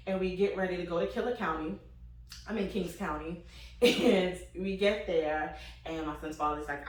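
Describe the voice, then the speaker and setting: A young woman telling a comic story with laughs and acted-out voices, casually. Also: lowish voice. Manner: animated, laughing, acts out quoted voices. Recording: echoey room, mic at a distance.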